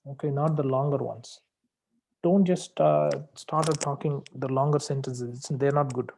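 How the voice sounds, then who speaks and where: Man, tutor giving corrective feedback, mellow dark tone, repeats key advice slowly. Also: medium pitch, fairly even intonation, vocal fry, a little hiss or hum. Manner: corrective and repetitive, slows down to stress key phrases. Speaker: English test tutor. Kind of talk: spoken feedback on a practice test.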